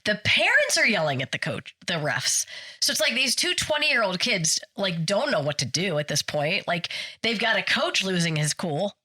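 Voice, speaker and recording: Animated, bright-voiced woman telling a story. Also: medium pitch, normal speed, slightly rough. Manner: animated, acts out quoted yelling. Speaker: podcast co-host. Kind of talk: casual storytelling chat. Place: podcast studio.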